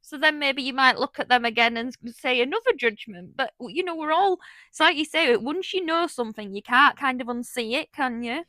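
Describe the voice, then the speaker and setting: Co-host, woman, high and bright, dry close sound, warm affirming chat. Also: animated, fairly quick, dry recording. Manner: supportive, agreeing, cheeky humour. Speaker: podcast co-host. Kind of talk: casual chat.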